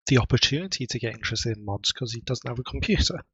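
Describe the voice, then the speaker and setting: A man's voice: mid-range voice, lively intonation, quick pace, fairly bright tone, breathy edge, no room sound. A man co-hosting a gaming podcast, making his points in a matter-of-fact way. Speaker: podcast co-host. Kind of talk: casual chat. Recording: dull lo-fi mic.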